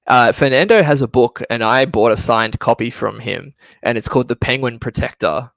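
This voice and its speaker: Guy presenting travel slides online, easygoing and chatty, fry in the voice, dry close sound. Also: mid-range voice, moderate pace, a bit bright, no echo. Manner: casual, chatty, laughs often. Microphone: computer mic for an online session.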